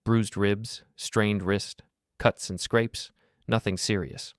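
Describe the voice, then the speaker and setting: An older man narrating a dramatic first-person story in a steady, scripted manner. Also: lowish voice, takes it slowly, no room sound, studio quality.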